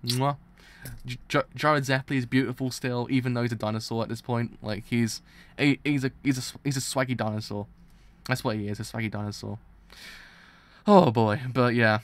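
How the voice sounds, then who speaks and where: Reacting live on stream, a young man gets excitable, swears, and keeps starting his sentences over, his throat dry and sore. His voice is mid-range.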